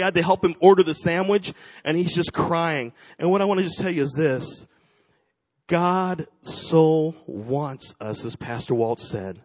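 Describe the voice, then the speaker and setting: A man relates a heartfelt story from the church floor in a plain, mid-pitched voice. He speaks with earnest feeling and voices the other people in the story as he goes. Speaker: ministry team director. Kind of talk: telling a personal testimony in church. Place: church sanctuary.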